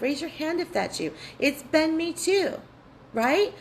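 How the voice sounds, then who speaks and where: A woman's voice: sits high, very animated, a little slow, slight background noise, rough recording. Earnest woman leading a spiritual workshop. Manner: earnest, candid, swears freely, repeats phrases. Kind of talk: live online workshop talk.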